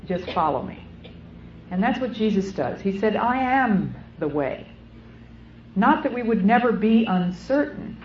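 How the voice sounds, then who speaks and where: Middle-aged woman, sermon, deliberate and earnest; muffled lo-fi recording with faint hiss. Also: on the low side. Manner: earnest, measured, deliberate phrasing. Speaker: speaker. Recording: muffled old recording in an echoey hall.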